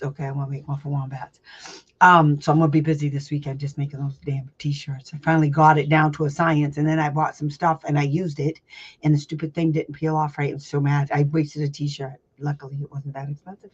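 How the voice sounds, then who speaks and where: A woman's voice: deep voice, darkish tone, husky. Chatty, blunt woman on a dull lo-fi recording. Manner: chatty and rambling, laughs often, blunt and salty. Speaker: special education advocate host. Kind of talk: casual livestream teaching chat. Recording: slightly dull lo-fi sound.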